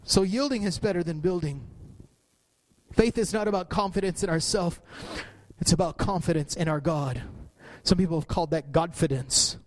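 A middle-aged pastor preaches a sermon at a moderate pace. He repeats phrases for emphasis, and his pitch climbs at the high points.

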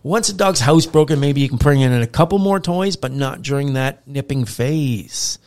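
A man co-hosting a casual podcast as a dog trainer, telling animated stories and acting out growls and praise. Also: medium pitch, normal speed. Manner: animated storyteller who acts out growls and praise.

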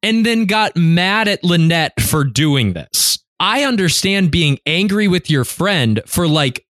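A man co-hosting a podcast, discussing a book in casual, unhurried chat with some swearing. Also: high voice, very animated, fairly bright tone, no echo, clean studio sound. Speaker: podcast co-host.

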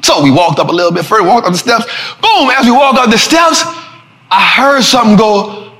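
High, animated storytelling man. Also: brisk. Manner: emphatic, slangy, acts out dialogue. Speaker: host.

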